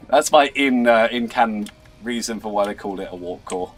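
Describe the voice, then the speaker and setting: A man's voice: fairly low pitch, quick pace, hardly any pauses, soft background music. A playful man, chatting casually while live-streaming a game. He stammers, repeats words and laughs often. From England. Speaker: livestream host. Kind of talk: casual gaming livestream chat.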